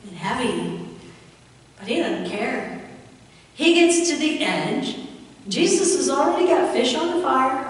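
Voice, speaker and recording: A woman preaching a sermon, telling the story with animated swings and dramatic drops to a hush. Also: fairly high pitch. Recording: echoey hall, far from the mic.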